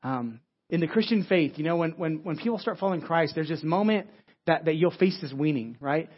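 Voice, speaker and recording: A man preaching in a loose, conversational sermon style, stumbling over and restarting his words and tagging lines with "right?". He talks at a fast clip in a slightly high voice, and the recording sounds dull and lo-fi. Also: lively intonation. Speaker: pastor. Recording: dull lo-fi audio.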